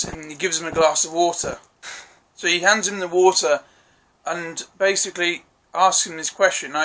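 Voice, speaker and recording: Bright-voiced man reviewing a show. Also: on the high side. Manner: chatty, apologetic, recaps scenes with quoted lines. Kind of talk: casual spoken review.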